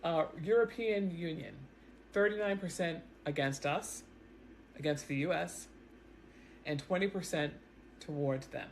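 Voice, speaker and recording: Animated woman explaining to camera. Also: low-pitched, measured pace, pauses often, slight background noise. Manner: animated, repeats words, talks straight to viewers. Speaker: news commentary vlogger. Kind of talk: casual explanatory commentary to camera. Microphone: self-recorded camera setup.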